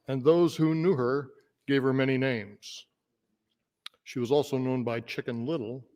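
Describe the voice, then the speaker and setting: A man's voice: medium pitch, a little mellow. A man, a state senator, reading a children's fable aloud in a playful storytelling manner during floor debate. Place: legislative chamber. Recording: long reverb of a large chamber.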